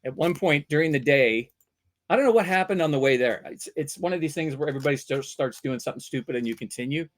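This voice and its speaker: Animated storytelling voice actor man. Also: on the high side, fast talker. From Vancouver, Canada. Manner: animated storyteller, bursts into loud character voices. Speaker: voice actor guest. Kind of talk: casual anecdotes.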